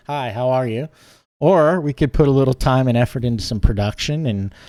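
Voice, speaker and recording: A man's voice: medium pitch, darkish tone, no echo. A man co-hosting a live online show, chatting loosely with many fillers while running a giveaway. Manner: chatty, rambling, lots of fillers. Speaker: co-host of a live fish-keeping show. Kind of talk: live-stream chat with giveaways.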